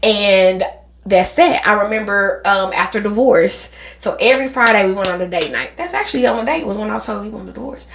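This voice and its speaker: A woman's voice: mid-range voice, a little fast, creaky, slight background noise. A woman co-hosting a faith podcast, telling a personal story in casual chat. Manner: animated storyteller, acts out voices in her stories. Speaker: podcast co-host.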